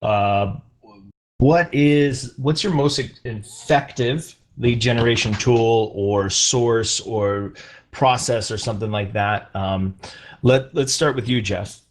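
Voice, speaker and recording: A man with an average-pitched voice moderates a panel of agents. He tosses out questions in an encouraging tone, padding them with fillers. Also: slow pace.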